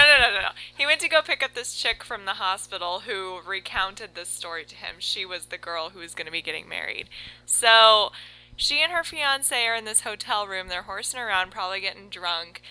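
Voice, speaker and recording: Woman storyteller, very bright voice, animated, fixes herself mid-sentence. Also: medium pitch, moderate pace, clear, resonant tone, rough recording. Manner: animated storyteller, self-correcting. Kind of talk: casual storytelling.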